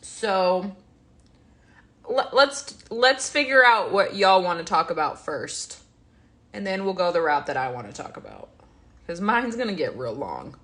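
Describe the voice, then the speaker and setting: A woman with a fairly low, fairly bright voice hosts a livestream, speaking in an unhurried, sing-song way. She rambles chattily, reads viewer comments aloud and answers them, sounding stuffy-nosed and yawning.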